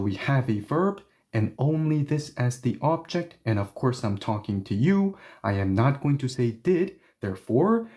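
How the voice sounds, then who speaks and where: A man teaching Korean grammar in a live stream, explaining step by step and checking in often with his viewers. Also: medium pitch. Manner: lively explainer who checks in with listeners.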